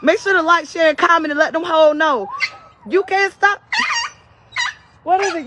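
Background noise accompanies an extremely high-pitched woman with a North Carolina accent, talking at a normal speed. She is a social media vlogger ranting profanely and defiantly on an unscripted live-stream, occasionally out of breath.

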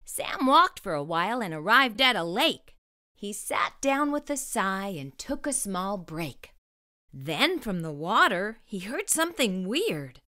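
A woman narrating a rhyming children's picture book at a slow, careful pace, her voice bright and full of lift. The sound is close and dry, with no room around it. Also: medium pitch, big pitch swings, no echo. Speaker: storyteller. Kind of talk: children's storybook read-aloud.

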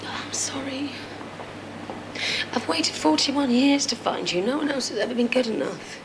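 A woman's voice: high voice, expressive, moderate pace, vocal fry. An actress playing a woman in her forties who longs for a baby, pleading and emotional in a TV drama clip. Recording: noisy TV clip audio.

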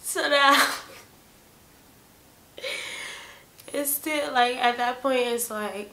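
A woman in her twenties telling a personal story in a casual storytime vlog, acting out texts and replies with lively emphasis. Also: high voice, extremely slow, long pauses, roomy sound, a little hiss or hum. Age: 20s. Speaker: vlogger. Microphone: camera mic.

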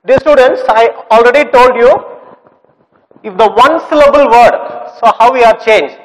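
A male teacher with a notably high voice explains grammar rules slowly and repetitively. He spells words letter by letter and keeps quizzing his class. His voice rings with a long echo, as if in a large reverberant room. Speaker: English teacher.

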